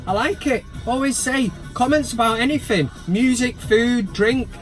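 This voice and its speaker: A man's voice: very high-pitched, normal speed, faint music behind. A man chatting casually to camera about his football club from inside a van, full of jokey, sweary banter and mock outrage. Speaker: football fan vlogger.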